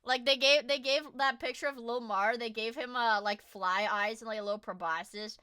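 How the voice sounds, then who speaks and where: A young adult woman streamer chatting casually while reacting to videos, playful and loud, swearing and often shouting. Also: a little high, steady tone, normal speed, clean tone.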